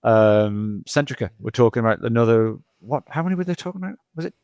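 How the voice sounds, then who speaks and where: A man's voice: medium pitch, lively intonation, quick pace, darkish tone, no room sound. A middle-aged male geologist talking casually as a podcast guest, rambling through anecdotes with lots of repeats and "you know".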